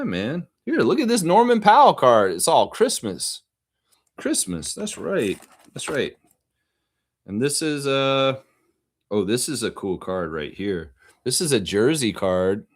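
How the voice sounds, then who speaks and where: A man hosting a casual live stream, excitedly rambling to his viewers as he shows off things. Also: on the low side. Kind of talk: casual live-stream chat showing off his card collection.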